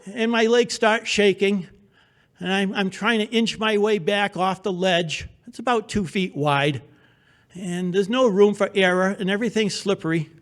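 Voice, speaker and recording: A man with a noticeably high speaking voice tells a true adventure story in front of a theater audience. His delivery is wry and humorous, narrating in a vivid present tense that pulls listeners into the moment. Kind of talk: live personal storytelling on stage. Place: theater stage before an audience.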